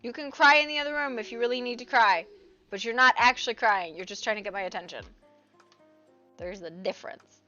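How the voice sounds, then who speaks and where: High bright woman streamer, playful, bossing the pets around, dull lo-fi sound w faint music. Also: fairly quick. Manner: playful, scolding pets and kids between chat. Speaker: livestreamer. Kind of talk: casual stream chat.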